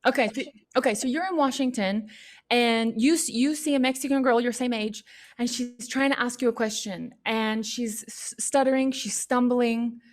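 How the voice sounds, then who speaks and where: A woman speaking at a youth leadership session, answering questions in an animated, chatty and encouraging way. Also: a little high, moderate pace. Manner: animated, chatty, lots of "like" and "you know"; encouraging and upbeat.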